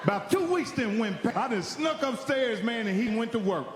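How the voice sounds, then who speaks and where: A man, originally from Indiana, telling profane, animated stand-up stories and acting out the people in them. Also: very high-pitched, moderate pace, big-room sound, noisy background. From Indiana, United States. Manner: profane, animated, acts out characters' voices. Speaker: stand-up comedian. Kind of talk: stand-up storytelling.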